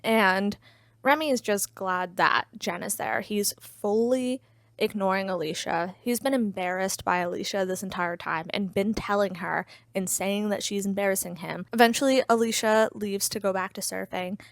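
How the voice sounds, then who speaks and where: A woman's voice: mid-range voice, normal speed, gravelly, no room sound. Chatty woman recapping a book, dry sound. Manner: chatty, frequent "like" fillers, wry asides. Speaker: book reviewer. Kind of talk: casual plot recap.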